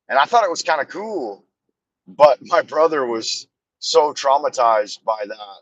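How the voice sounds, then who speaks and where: A man's voice: mid-range voice, expressive, a little slow, fairly bright tone, husky, no echo, highs cut off. A man rambling and telling stories on a live stream from his car while driving, with a meandering, self-deprecating, joking manner. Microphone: phone on a camera mount.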